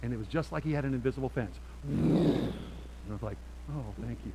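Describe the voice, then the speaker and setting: A man preaching a sermon to a church congregation, switching between forceful appeals and quiet storytelling. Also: medium pitch, a little fast, gravelly, background noise. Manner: emphatic, swings from loud exhortation to quiet storytelling. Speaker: pastor.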